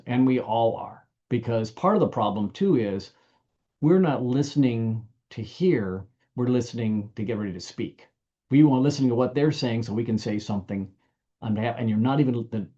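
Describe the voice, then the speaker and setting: A man's voice: mid-range voice, warm tone, dull audio. An older American man giving an informal training talk, folksy and anecdotal, often restarting his sentences. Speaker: business trainer.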